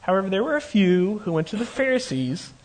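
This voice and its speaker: A man's voice: sits high, very animated, fairly quick. A man preaching a conversational sermon, retelling a scripture story with joking asides.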